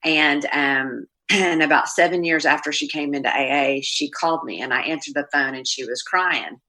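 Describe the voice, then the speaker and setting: A middle-aged woman with a low voice tells her recovery story plainly and openly, stopping often to restart a thought. She has a bright, forceful edge and sounds like she is speaking into a video call. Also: normal speed, rough recording. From Oklahoma, US. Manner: candid, plainspoken, many ums and restarts. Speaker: Al-Anon speaker. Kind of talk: personal recovery talk at a meeting.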